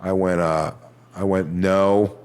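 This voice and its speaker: A man doing a stand-up comedy routine, telling a crude story with punchlines that build to shouting. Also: mid-range voice, moderate pace, background noise.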